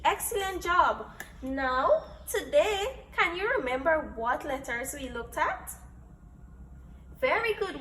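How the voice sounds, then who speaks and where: A woman's voice: high-pitched, fairly bright tone, a little hiss or hum. A woman teacher giving a phonics lesson to small children, patient and full of praise, repeating key words. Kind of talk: slow, deliberate classroom instruction to small children. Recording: echoey room.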